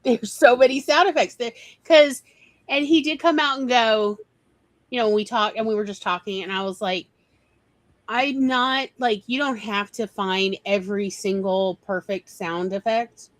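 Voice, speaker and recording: A woman's voice: a little high, unhurried, no room sound, rough recording. A woman hosting a casual chat, talking eagerly with lots of fillers. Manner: chatty, enthusiastic, many fillers. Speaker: host, writer.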